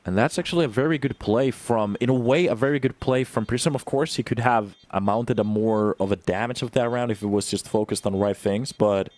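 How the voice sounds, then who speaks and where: A young man giving live play-by-play commentary on an esports match, swinging from calm analysis to loud bursts of excitement. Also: brisk, few pauses. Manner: calm analysis that jumps to loud, high-pitched excitement on big plays. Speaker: esports caster.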